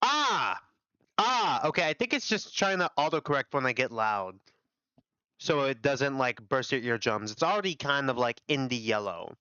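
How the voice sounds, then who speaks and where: A young man reacting out loud to a story game, animated and cursing, his voice swinging lively up and down. He sounds bright on a dry, dull home desk mic. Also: medium pitch, moderate pace, clear, resonant tone, no echo. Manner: animated, swearing, laughing. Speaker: streamer reading a fan visual novel. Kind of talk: casual reaction chat.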